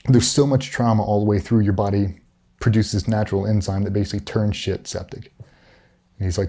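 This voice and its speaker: A middle-aged man, a former special operations veteran, tells a personal story as a guest in a candid interview. His voice is lowish, mellow, and fairly even, and he speaks briskly, bluntly, and matter-of-factly, swearing often.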